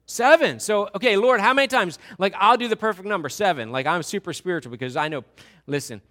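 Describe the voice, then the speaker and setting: A male pastor preaches in a conversational, animated way, swinging between loud, eager bursts and hushed asides. His voice sits high for a man. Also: fast. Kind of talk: sermon.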